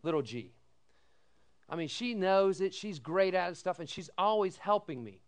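A middle-aged male pastor gives a sermon, spinning folksy stories with animated quoted voices and asking the congregation "amen?". His voice sits high and he talks at a normal speed.

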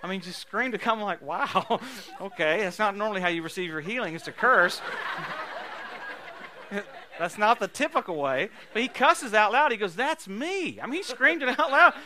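A male preacher delivering a sermon full of healing stories, telling them with laughter and sudden loud bursts of emphasis. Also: high voice, lively intonation, normal speed.

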